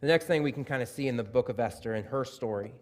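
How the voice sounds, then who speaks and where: A man in his thirties preaching a sermon, telling a story with quick asides and dropping his voice soft and low for emphasis. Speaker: pastor. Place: church sanctuary.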